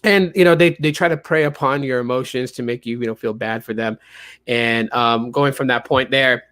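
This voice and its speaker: A man's voice: medium pitch, moderate pace, fairly bright tone, dry recording. A man hosting a tech podcast in casual chat, rambling with many fillers and restarts. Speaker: podcast host.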